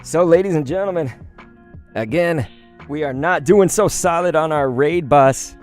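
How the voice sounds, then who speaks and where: A young man chatting excitedly on a live stream while opening trading cards, talking straight to his chat in slangy, hyped-up bursts. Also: fairly high pitch, unhurried, soft background music.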